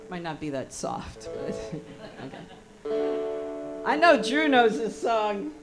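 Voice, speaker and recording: A woman's voice: medium pitch, big pitch swings, very slow, pauses often, rough recording. Playful Southern woman over guitar. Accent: Southern American. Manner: playful, laughing banter. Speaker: singer. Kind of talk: introducing and singing a song.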